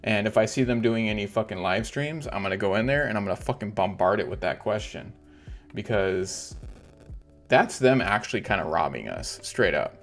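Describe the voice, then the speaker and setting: A man's voice: fairly low pitch, lively intonation, moderate pace, faint music behind. A man hosting a casual livestream, ranting in frustration and swearing heavily. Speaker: crypto livestream host.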